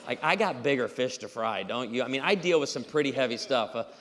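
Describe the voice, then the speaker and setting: A man preaching a humorous sermon with stories, acting out dialogue in an animated way. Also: mid-range voice, a little fast, a little hiss or hum. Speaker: pastor. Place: church auditorium. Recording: live hall reverb.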